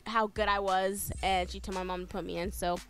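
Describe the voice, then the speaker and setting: Teen girl interview guest, mid pitch, shy and hesitant. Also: little pitch movement, a little fast, soft background music. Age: teens. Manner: soft-spoken, hesitant, with frequent ums. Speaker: guest athlete. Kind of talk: interview answers.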